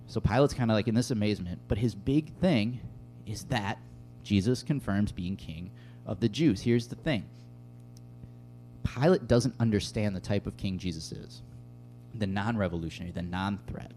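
Male pastor, easygoing sermon delivery, low and dark tone. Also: moderate pace, faint music behind. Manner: conversational, casual, with many fillers. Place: room with tables and an audience.

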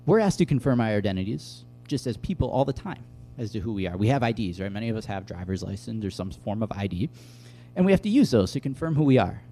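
A young adult man giving a casual, conversational bible teaching, telling stories with lively asides. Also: lowish voice, fast, slight background noise. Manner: conversational, animated storytelling with asides.

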